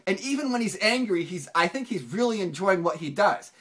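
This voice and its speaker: A finance channel host giving casual video commentary, rambling with many restarts and fillers, and jumping up in pitch for emphasis. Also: a little fast. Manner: animated, pitch jumps up for emphasis.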